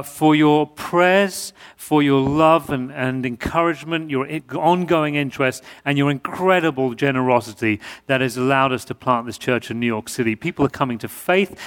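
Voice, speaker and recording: A British man preaching as a guest in a church, earnest and prone to restarting his sentences. His mid-pitched voice carries a long reverb from the hall. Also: a bit bright, clean tone. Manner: earnest, stumbling restarts, repeated words. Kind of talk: sermon.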